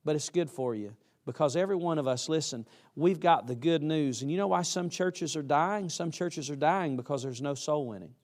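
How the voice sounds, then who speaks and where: A man's voice: fairly high pitch, moderate pace, hardly any pauses, darkish tone. A man preaching a chapel sermon to college students in a folksy, emphatic way, acting out what students say.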